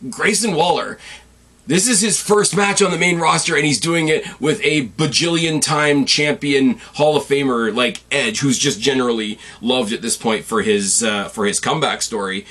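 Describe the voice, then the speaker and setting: A man hosting a casual podcast, recapping events with opinionated, animated rants and sudden excited jumps in his voice. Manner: jumps sharply up in pitch when excited. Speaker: podcast host.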